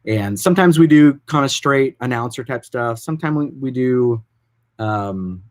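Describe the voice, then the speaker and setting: A man who directs production, explaining his voiceover work in a casual, informal and animated way. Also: medium pitch, normal speed. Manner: informal, animated, loose and rambling.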